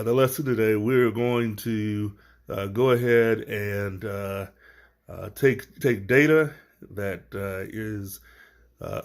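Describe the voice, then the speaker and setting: A man teaching an online lesson, telling a fable and then introducing a lesson, with a hesitant manner and many fillers. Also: lowish voice.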